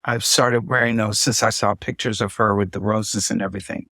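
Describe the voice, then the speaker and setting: A woman's voice: a bass voice, fairly even intonation, fairly quick, fairly bright tone, no echo, clean studio sound. A woman co-hosting a podcast in casual chat, emphatic and chatty with folksy asides. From United States. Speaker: podcast co-host and singer.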